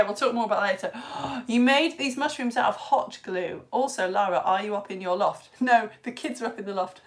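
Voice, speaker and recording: A young British woman hosting a live children's science lesson, bubbly as she reads out viewers' comments and greets them by name. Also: medium pitch. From United Kingdom. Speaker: science teacher.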